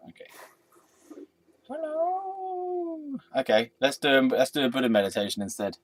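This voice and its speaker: A man's voice: medium pitch, quick pace. A tired man rambling casually and self-deprecatingly to a statue while he films. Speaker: vlogger.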